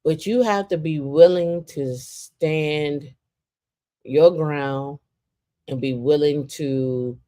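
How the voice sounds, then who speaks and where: A woman co-hosting a casual podcast, with a fairly low voice. She tells her stories with animated energy and often restarts her sentences. Her delivery is loose and conversational. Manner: animated storyteller, swinging into lively voices for quotes; frequent "like" and repeated restarts. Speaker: podcast co-host.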